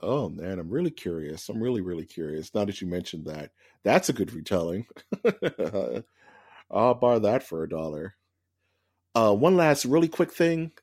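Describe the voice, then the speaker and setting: Man, podcast co-host, casual ranting, husky voice, dry close sound. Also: fairly low pitch, normal speed, no echo. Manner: animated, opinionated ranting with many fillers. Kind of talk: casual chat.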